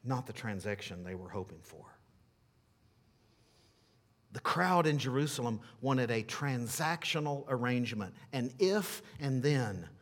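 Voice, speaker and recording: A pastor preaching in a slow, measured cadence. He leans hard on key words and then drops to a hushed tone. He ends by leading a prayer. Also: medium pitch, animated. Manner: emphatic preaching with wide swings from loud to hushed. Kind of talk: sermon with closing prayer.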